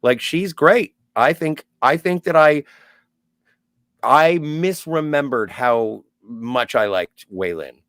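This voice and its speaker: A man on a podcast jumps in with emphatic takes on the movie, his pitch swinging up and down as he gets excited. His voice sits mid-range for a man, and the recording is dry and close. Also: slow, no room sound. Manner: animated, emphatic reactions. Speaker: podcast co-host. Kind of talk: casual podcast discussion.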